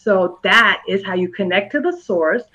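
A woman guest, a school psychologist, giving calm interview answers and patiently explaining in simple terms to a young interviewer. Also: mid-range voice, normal speed, dull audio.

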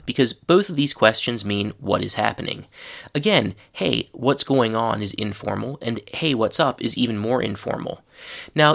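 Gravelly-voiced man teaching English. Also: mid-range voice, fairly bright tone. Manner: clear, explanatory, acts out example phrases with rising intonation. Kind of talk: scripted lesson narration.

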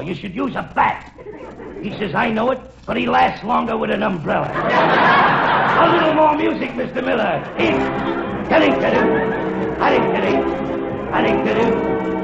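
A comedian doing gravelly impressions of a brash vaudeville clown and a whiny film villain in a 1940s radio comedy spot, in a radio studio before a live audience. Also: male voice, very high voice, echoey room, dull audio, voice pushed up, heavily acted.

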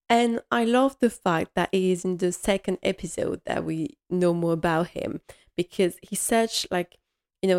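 A woman's voice: fairly low pitch, darkish tone, clear, resonant tone. A woman host chatting casually and enthusiastically through a TV episode recap, rambling with many fillers. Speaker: podcast host.

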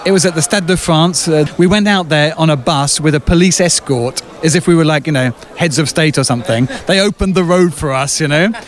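A man's voice: fairly high pitch, brisk, hardly any pauses. Chatty English man telling a story. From England. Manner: chatty storyteller, many fillers, lively retelling. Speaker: guest, sports journalist. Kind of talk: casual anecdote.

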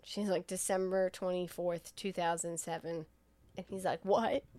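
A woman's voice: lowish voice, level tone, normal speed, dark tone. Tipsy lady on a podcast, retelling a movie scene by scene, doing the lines herself. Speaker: podcast co-host recapping a movie. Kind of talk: casual chat.

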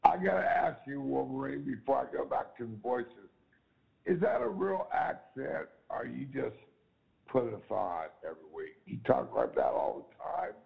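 A man hosting an online talk show with enthusiasm, repeating himself and addressing the audience as ladies and gentlemen, on dull lo-fi call audio. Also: mid-range voice, very animated, normal speed, gravelly. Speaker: show host.

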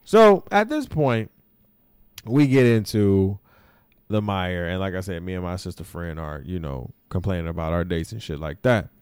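Young adult man, podcast host, casual storytelling, swearing, acting out quotes, smooth voice, dry sound. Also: deep voice, normal speed, no echo. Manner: animated, profane, acts out his own quotes.

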